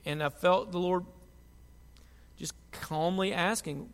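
A man preaching a sermon, moving from quiet reflection to loud, impassioned pleading. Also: high voice, steady tone, slow, smooth. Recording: long hall reverb.

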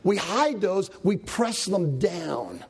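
A man preaching a sermon as a pastor, telling Bible stories with animated delivery and acting out the characters' lines. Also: sits high, takes it slowly, creaky, slightly rough.

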